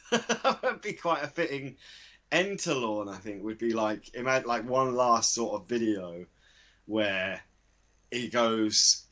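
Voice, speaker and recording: A man co-hosting a casual chat, giggly and spinning absurd dark jokes. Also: medium pitch, animated, slow pace, lo-fi sound. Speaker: co-host.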